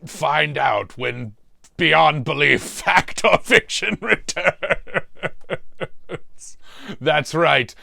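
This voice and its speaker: A man's voice: a little high, pushed and bright, no room sound, studio quality, heavily acted. A man playing a demonic torturer who hosts a mystery show and tells a comic story about suffering. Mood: wry. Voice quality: gravelly, slow, relishing talk of suffering. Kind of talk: comedic in-character storytelling.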